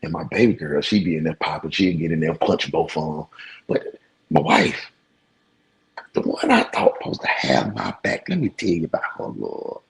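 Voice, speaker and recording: A man in his forties, a show host, casually telling stories to his viewers in an animated, slangy way. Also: rumbling low, normal speed, creaky, slightly rough, low-quality recording. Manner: animated, slangy, talks straight to his audience.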